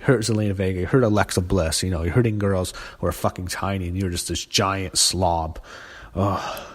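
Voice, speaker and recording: A man's voice: deep voice, fairly even intonation. A man reviewing a wrestling show in a casual, unscripted way, ranting angrily and with lots of swearing, often stumbling over fillers and restarts. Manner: angry profane ranting; halting, full of fillers and restarts. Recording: long reverb.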